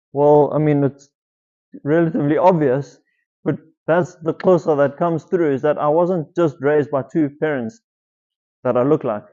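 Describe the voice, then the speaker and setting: South African male teacher, higher voice, muffled lo-fi sound, quizzes the room. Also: normal speed, dark tone. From Eastern Cape, South Africa. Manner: asks the audience questions. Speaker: teacher giving a talk. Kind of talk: school presentation to students.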